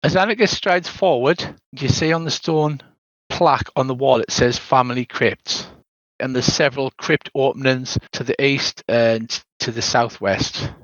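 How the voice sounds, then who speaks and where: Older British game master narrating a spooky tabletop adventure, dry and slightly muffled call audio. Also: male voice, mid-range voice, normal speed, a bit bright, no echo.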